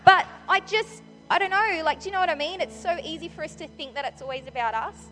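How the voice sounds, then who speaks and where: A woman speaking at church with a microphone, giving an excitable, chatty sermon full of "like" and "you know". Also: very high-pitched, fast talker. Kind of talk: enthusiastic conversational sermon. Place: large church hall with reverb. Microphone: handheld microphone. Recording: long church-hall reverb, faint music.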